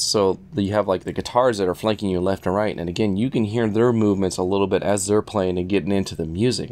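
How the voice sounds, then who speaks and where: A man giving a relaxed, rambling spoken review of audio gear, full of fillers and restarts. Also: low-pitched. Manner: enthusiastic about audio detail.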